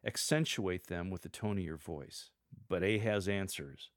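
A man coaching church lectors in a measured, scripted teaching style, reading sample lines aloud to show how they should sound. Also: deep voice, dry recording, clean studio sound.

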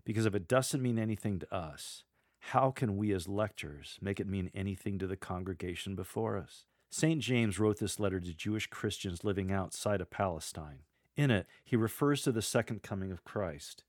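Man, middle-aged, lector coach, low voice, dry close sound, measured, deliberate pauses. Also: dry recording. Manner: measured, demonstrates readings aloud with deliberate pauses. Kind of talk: instructional podcast on scripture reading.

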